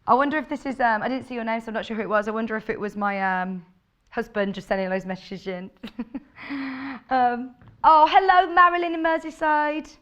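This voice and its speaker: A woman's voice: on the high side, steady tone, a little fast, a bit bright, clear, resonant tone. Chatty woman presenting on air. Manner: chatty and gushing, reads out viewer messages. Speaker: shopping channel presenter. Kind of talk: live on-air product presentation.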